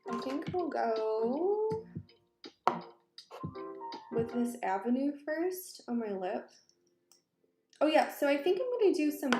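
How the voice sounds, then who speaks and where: A woman chatting casually on a makeup livestream, rambling and groping for words while talking to viewers and her cats. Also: a little high. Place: small room at home. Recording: echoey room with background music. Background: background music.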